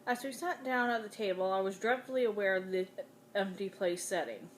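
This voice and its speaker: A woman reading a novel aloud in the first person with dramatic, expressive delivery. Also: mid-range voice, fairly quick, slight background noise. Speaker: audiobook reader.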